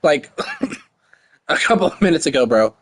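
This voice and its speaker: A man's voice: a little high, lively intonation, a little slow, noisy background. A man chatting casually and joking about himself while playing a game, with slang asides. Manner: joking, self-deprecating, slangy. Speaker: gamer.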